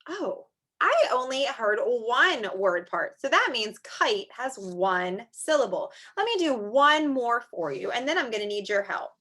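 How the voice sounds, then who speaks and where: Woman, pre-K teacher, sing-song and lively, slows right down to sound out words for kids. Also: fairly high pitch. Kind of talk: online pre-K lesson.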